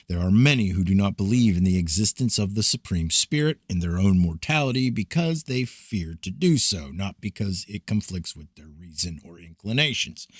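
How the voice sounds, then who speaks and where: A man with a deep voice reads an ancient scripture aloud, slow and grave like a prophet's address. His delivery is measured and declamatory. The sound is dry, with no room echo. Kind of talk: solemn scripted reading of scripture.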